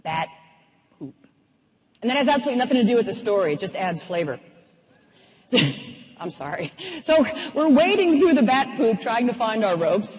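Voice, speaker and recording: A woman motivational speaker telling a humorous, animated story in a keynote talk. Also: fairly high pitch, normal speed, pauses often. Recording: husky voice in a reverberant hall.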